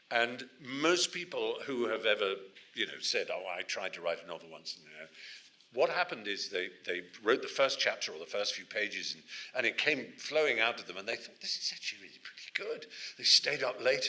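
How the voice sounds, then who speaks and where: An Englishman giving an animated, digressive talk to a university society audience, often restarting his sentences. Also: mid-range voice. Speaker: guest speaker.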